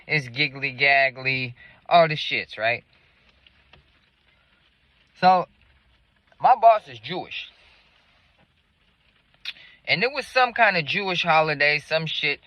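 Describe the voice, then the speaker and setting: A man's voice: a little high, expressive, slow pace, pauses often, dry recording, muffled recording. A man telling a story in a casual, rambling, profane way.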